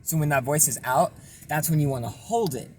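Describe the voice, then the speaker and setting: A young man casually explaining a vocal technique in a relaxed, rambling way with lots of fillers. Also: fairly high pitch, fairly quick, slight background noise. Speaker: self-taught vocal tutorial maker.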